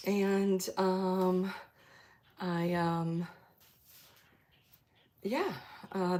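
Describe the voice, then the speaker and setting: Gravelly-voiced woman chatting casually. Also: medium pitch. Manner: rambling, chatty, many fillers and trailing thoughts; laughs easily while telling stories. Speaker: lifestyle creator chatting with live viewers. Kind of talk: casual live chat.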